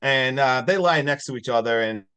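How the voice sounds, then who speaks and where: Excitable man recapping a horror movie. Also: medium pitch, moderate pace, clean tone. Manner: excitable storytelling, loose and profane. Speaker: podcast host.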